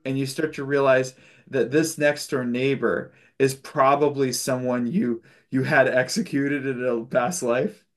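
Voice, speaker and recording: A man's voice: medium pitch, steady tone, unhurried. Man telling stories on a video call. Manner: loose storytelling with frequent fillers and self-corrections; chuckles while telling stories. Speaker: spiritual group facilitator. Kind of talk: casual spiritual sharing on a video call.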